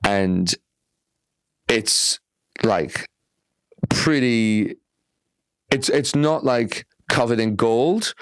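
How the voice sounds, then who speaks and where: A man's voice: medium pitch, lively intonation, drawn-out words, pauses often, smooth, no room sound, low-quality recording. A young man, telling a rambling comedy story full of fillers and swearing on a podcast. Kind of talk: casual storytelling.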